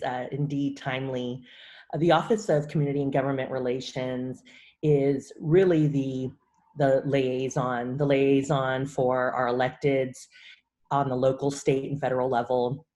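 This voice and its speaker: A woman, a university vice chancellor, answering interview questions in a measured way, with frequent "uh" fillers and repeated words. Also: a bass voice, fairly even intonation, mellow.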